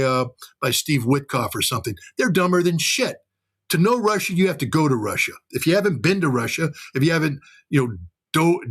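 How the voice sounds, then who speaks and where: A man's voice: a little high, a bit bright. An American man giving heated political commentary, blunt and profane, mimicking the voices of others to make his point. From United States. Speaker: commentator guest.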